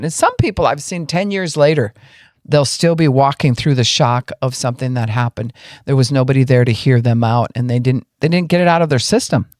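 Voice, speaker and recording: Earnest man with a higher voice. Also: no echo, clean studio sound. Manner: acts out people's inner voices in quoted lines; earnest, explaining step by step. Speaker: podcast speaker on grief and emotions. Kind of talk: teaching talk.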